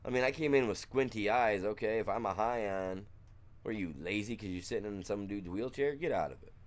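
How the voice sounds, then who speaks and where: A man's voice: fairly low pitch, a little fast. A man streaming a game from his room at home, chatting casually and rambling, trailing off and restarting, with chuckles. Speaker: gaming streamer. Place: room at home with blacked-out windows.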